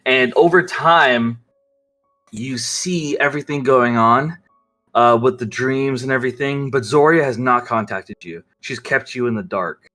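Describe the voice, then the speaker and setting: A man's voice: medium pitch, unhurried, bright, forceful tone, faint music behind. A man narrating as game master of a tabletop game, rambling with many fillers.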